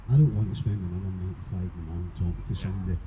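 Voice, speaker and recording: A man giving an impassioned speech at a public rally, emotional and forceful, swearing now and then. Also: deep voice, steady tone, very fast. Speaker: rally speaker. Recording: muffled, with background noise.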